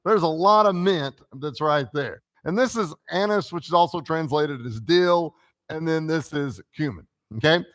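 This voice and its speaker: A man's voice: a little high, normal speed, fairly bright tone. A preacher leading a conversational Bible class in a church classroom, quizzing the group and peppering his points with "right?" and "okay?".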